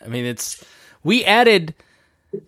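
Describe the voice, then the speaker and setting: A man's voice: high-pitched, sing-song, slow pace, a bit bright, no echo, clean studio sound. A man co-hosting a podcast, chatting in a laid-back, wry way. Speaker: podcast co-host. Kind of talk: casual podcast chat.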